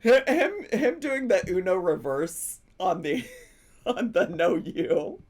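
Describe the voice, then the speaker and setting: Man, slow-talking reaction host, sarcastic, mocking, swoops up and down in pitch, laughs a lot. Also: expressive, a little mellow. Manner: mocking, laughs often between remarks.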